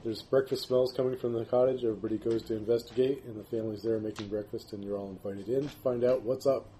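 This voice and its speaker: A man's voice: mid-range voice, fairly even intonation, fast, warm tone, a little hiss or hum, rough recording. A man acting as game master, hesitantly narrating a scene with frequent fillers.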